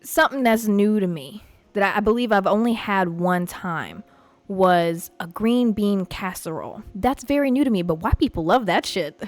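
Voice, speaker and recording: A young woman from a Puerto Rican family hosting a podcast, telling a story in a profane, animated rant. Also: medium pitch, normal speed, no echo, faint music behind. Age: young adult. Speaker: podcast host. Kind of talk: casual storytelling monologue.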